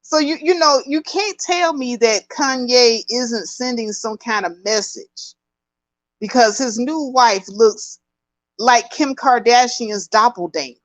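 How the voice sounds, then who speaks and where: A woman hosting casual gossip commentary with an emphatic, chatty, drawn-out delivery. Her voice sits fairly high, and she takes her time. The sound is dry and close. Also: dry recording, poor audio. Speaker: host.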